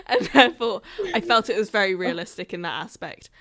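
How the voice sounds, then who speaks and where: A woman on a podcast chatting and joking, breaking into laughter often. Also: medium pitch. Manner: giggly, jokey, laughs often. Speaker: podcast cast member. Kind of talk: casual podcast chat.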